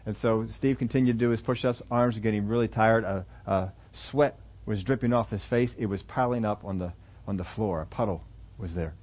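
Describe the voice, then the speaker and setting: A preacher telling an illustration story in a sermon, halting at times with fillers and restarts. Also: male voice, lowish voice, highs cut off.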